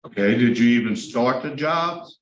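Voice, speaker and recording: A man's voice: medium pitch, expressive, moderate pace. A man, a parole board member asking probing questions in a plain, filler-laden way. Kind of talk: interviewing at a hearing. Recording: roomy hearing room with faint noise.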